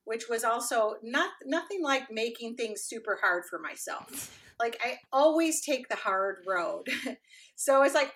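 A middle-aged woman tells her story in a casual interview, with a bright voice. She talks in an animated way, slips into the voices of the people she quotes, and keeps dropping in fillers. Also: a little high, measured pace. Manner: animated, acts out quoted dialogue, frequent fillers. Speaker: podcast guest.

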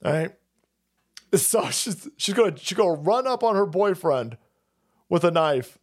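A man's voice: high-pitched, animated, a little slow. A man hosting a livestream, ranting crudely with frequent laughter and repeated words. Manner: crude, laughs often, rambling and repetitive. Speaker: livestream host. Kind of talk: profane ranting commentary.

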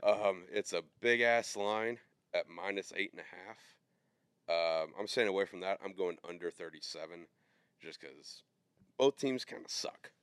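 Low-voiced and speaking at a normal speed, this man co-hosts a podcast with a slightly bright, clean sound and no room noise. His sports betting talk is casual and meandering, full of fillers.

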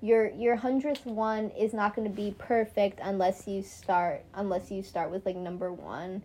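A teenage girl co-hosting a casual chat podcast, playful and giggly, talking in quick bursts. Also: medium pitch, fairly even intonation, dark tone, slight background noise. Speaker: podcast co-host.

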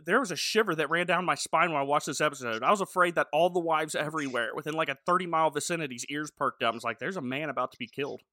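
A man's voice: on the high side, fast talker, hardly any pauses, bright, forceful tone, dry recording, clean studio sound. A man co-hosting a podcast, recapping a TV episode in a sarcastic, jokey way. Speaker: podcast co-host. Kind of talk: casual chat recapping a TV episode.

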